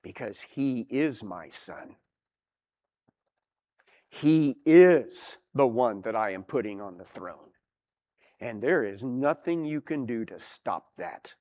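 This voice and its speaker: A man voicing God in heaven as a calm, firm, unshakable speaker in a Bible lesson. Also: medium pitch, takes it slowly, long pauses, voice pushed down. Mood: resolute.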